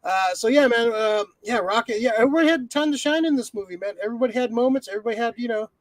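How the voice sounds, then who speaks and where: In a very high voice and at a very fast clip, a man co-hosting a podcast reviews a movie. His casual chat rambles, swears a lot, and is stuffed with fillers, all with no echo.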